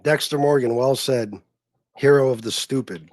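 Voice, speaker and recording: A man's voice: medium pitch, normal speed, dry recording, studio quality. A man hosting a casual livestream, talking bluntly and crudely and rambling with lots of fillers. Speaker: livestream host.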